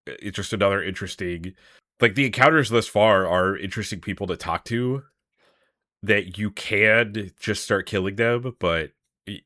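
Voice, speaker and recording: Low-voiced guy hosting a podcast, rambly and casual, dry close sound. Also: bright, forceful tone, no echo. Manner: rambling, lots of fillers and restarts, laughs easily. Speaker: podcast host. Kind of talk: casual tabletop game discussion.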